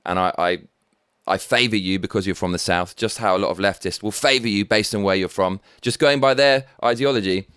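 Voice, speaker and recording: A man's voice: on the low side, a little fast, a bit bright, clear, resonant tone, no echo, clean studio sound. A man with an English accent hosting a live stream, reading out viewer comments in a cheeky, rambling, sweary way. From England.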